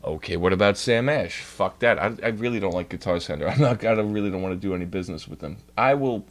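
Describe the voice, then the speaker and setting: A young man rants during a casual livestream, swearing constantly and sounding exasperated. His voice swings widely in pitch, climbing high when he gets worked up. His talk is loose and off the cuff. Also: big pitch swings, normal speed. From New York. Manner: profane, exasperated ranting. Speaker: streamer.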